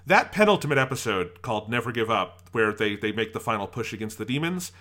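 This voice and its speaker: A man's voice: on the low side, sing-song, quick pace, sharp tone. A man co-hosting a casual podcast about anime, gushing with enthusiasm and acting out his own reactions. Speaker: podcast co-host.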